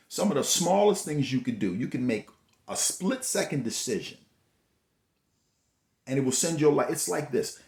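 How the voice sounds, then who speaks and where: A man's voice: mid-range voice, a little mellow. A man giving a motivational talk, preachy and repetitive, full of rhetorical questions. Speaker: host. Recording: echoey room.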